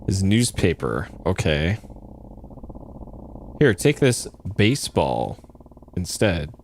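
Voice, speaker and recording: Male streamer, low, very slow, dry amused asides. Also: big pitch swings, a little hiss or hum. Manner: laid-back, amused asides. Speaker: game streamer. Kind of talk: casual live-stream commentary.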